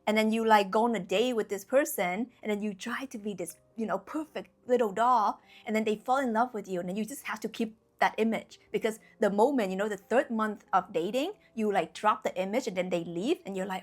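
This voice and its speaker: A woman's voice: medium pitch, fairly quick, hardly any pauses. A young woman talking casually and bluntly to camera as a spiritual YouTuber, emphatic, with lots of fillers. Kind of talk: casual direct-to-camera talk.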